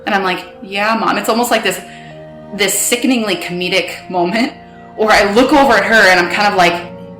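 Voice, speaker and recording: A young woman recounting a painful personal story in a halting way, acting out bits of dialogue. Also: mid-range voice, a bit bright, soft background music. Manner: halting, replays dialogue in quotes. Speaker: guest recounting her story. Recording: roomy echo.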